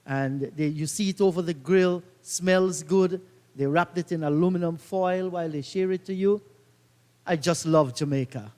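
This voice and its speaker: A man calls a cricket match in a slightly raised voice, slipping into relaxed, reminiscing anecdotes. His commentary carries a long reverb tail. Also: on the high side, normal speed. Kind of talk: live cricket commentary with storytelling.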